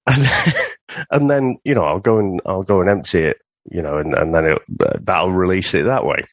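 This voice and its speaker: A man's voice: deep voice, moderate pace, no echo. A man co-hosting a podcast, telling stories casually with laughter and swearing. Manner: laughing storyteller, swearing, hesitant fillers. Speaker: podcast co-host. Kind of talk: casual chat.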